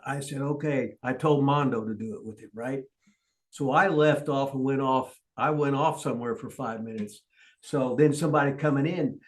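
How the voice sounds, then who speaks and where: An older man hosting, telling rough, profane stories and acting out the quotes. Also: mid-range voice, normal speed. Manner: profane, gruff, acts out quotes. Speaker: host, veteran wrestling trainer. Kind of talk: casual storytelling.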